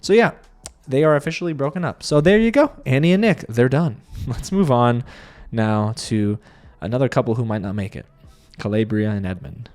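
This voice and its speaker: A man's voice: mid-range voice, moderate pace, a little mellow, faint music behind. A man giving a casual, sarcastic recap of a reality show, talking straight to his viewers with lots of animation.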